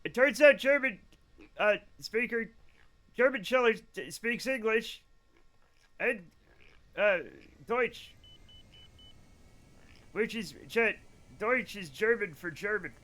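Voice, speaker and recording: This man's voice sits high and sounds bright and forceful, animated yet slow, with frequent pauses. Livestreaming a space game, he rambles, jokes, and talks to his chat while playing, in the loose style of a casual gaming stream.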